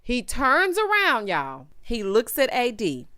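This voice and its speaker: Sassy, animated woman recapping a show. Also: a little high, slow pace, clear, resonant tone, no room sound, studio quality. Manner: animated, sassy, acts out quotes. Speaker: reality show recap host.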